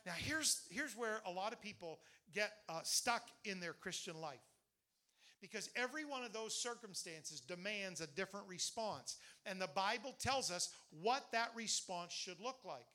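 A male pastor preaching an animated sermon, telling stories and leading the congregation in call-and-response. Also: high-pitched, moderate pace.

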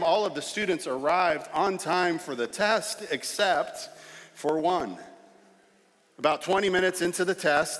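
A man preaching a sermon as pastor, telling a story and then reading scripture, with shifting pace and loudness for emphasis. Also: a little high. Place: church sanctuary. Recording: long reverb in a church hall.

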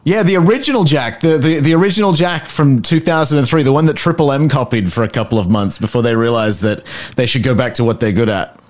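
Middle-aged Australian radio guy, Canadian-tinged accent, lively rambling talker. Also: medium pitch, fast. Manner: animated, restarts a lot, swears casually. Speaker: radio host, podcast guest. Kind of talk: casual interview chat.

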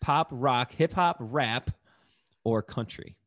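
A man with a middle-pitched voice hosts a relaxed lyric quiz at home with a friend. He reads the lines and the answer choices aloud and laughs easily along the way. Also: takes it slowly. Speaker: quiz host. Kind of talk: casual game chat.

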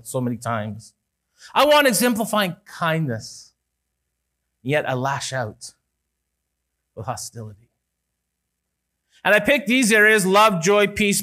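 A male pastor delivering a sermon in an earnest manner, rising for emphasis and dropping low and soft at key words. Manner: earnest, rises and falls with emphasis, some restarts.

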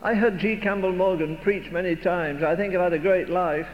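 A man's voice: high-pitched, steady tone, normal speed. An older man preaching a sermon with emphatic, rhetorical, repeated phrases. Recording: dull recording in a reverberant hall, faint noise.

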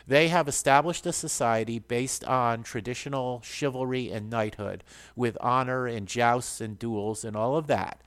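A man's voice: mid-range voice, a little slow, fairly bright tone. A man hosting a casual book talk, explaining in an earnest way and reading passages aloud. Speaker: host.

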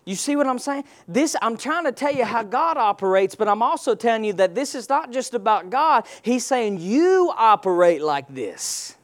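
A man's voice: very high-pitched, very animated, moderate pace, few pauses. A male pastor preaching a sermon, firing rhetorical questions and call-and-response prompts at his congregation.

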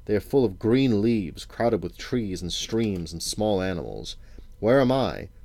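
A man's voice: low voice, animated, normal speed, darkish tone, dry recording. A father voicing a grim, suspicious old king. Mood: demanding. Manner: muttering, demanding.

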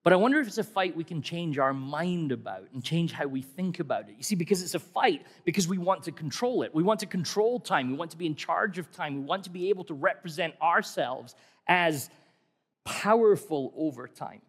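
A man's voice: on the high side, expressive, a little fast, a bit bright, husky. A middle-aged man preaching a sermon in a conversational, wry way, asking many rhetorical questions. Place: church hall. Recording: long hall reverb.

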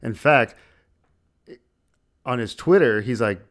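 A man's voice: mid-range voice, takes it slowly, pauses often. A man hosting a podcast, telling stories in a loose, chatty way with lots of fillers and laughs. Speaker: podcast host. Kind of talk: casual chat.

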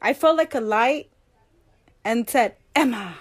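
Animated bilingual woman telling a story. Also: a little high, unhurried. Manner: animated, acts out quotes, mixes English and Spanish. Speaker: guest. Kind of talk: casual storytelling interview.

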